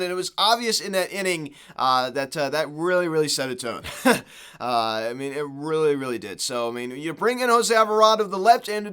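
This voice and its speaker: A man's voice: on the high side, pushed and bright, clear, resonant tone. A man hosting a sports podcast alone, giving a frustrated, rambling recap with lots of "uh" and "you know". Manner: frustrated, exasperated, rambling with many fillers. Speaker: podcast host. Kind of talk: solo sports recap rant.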